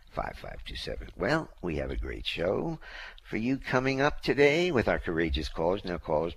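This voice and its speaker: Deep-voiced male radio co-host. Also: creaky, a little hiss or hum. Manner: repeats phone numbers, upbeat promo delivery. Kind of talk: radio announcing.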